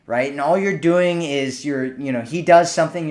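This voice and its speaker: A man giving dating advice in a relaxed instructional talk, often checking in with "right?" as he explains. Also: fairly high pitch, normal speed, few pauses. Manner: casual, keeps checking in with "right?". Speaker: dating coach.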